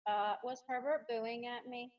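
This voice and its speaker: A woman's voice: on the high side, fairly even intonation, measured pace. A woman at a tabletop game who talks in a hesitant, casual way. She sounds distant, and the sound is dull. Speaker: player. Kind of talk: in-character play at a tabletop game.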